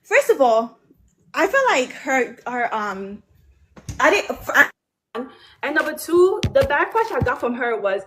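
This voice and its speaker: A woman's voice: sits high, sing-song, measured pace, fairly bright tone. A woman with an accent who is a guest on a talk show, insistently defending her point in conversation. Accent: foreign accent. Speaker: podcast guest. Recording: echoey room in a played clip.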